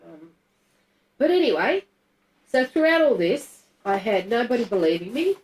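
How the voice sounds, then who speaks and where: A woman's voice: a little high, sing-song, normal speed, a little mellow, slight background noise, low-quality recording. Blunt, candid woman telling her story. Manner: candid, blunt and emotional, swears freely. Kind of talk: personal storytelling to a small group.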